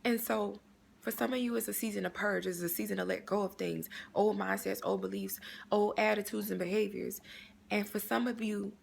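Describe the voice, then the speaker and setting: Lady doing an inspirational faith talk, super gravelly creaky voice, faint hiss behind. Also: mid-range voice, steady tone, moderate pace. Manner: earnest, prayerful, repeats phrases for emphasis. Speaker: inspirational vlogger.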